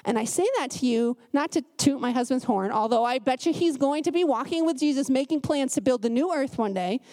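A woman preacher giving a conversational sermon, telling stories in an animated way with a pace that speeds up and slows down. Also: sits high. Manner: animated storytelling, shifting pace.

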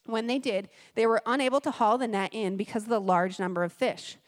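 A guest speaker at a church service, this woman gives a conversational sermon in a fairly quick, steady voice on the high side. She reads scripture aloud and breaks in with chatty, joking asides.

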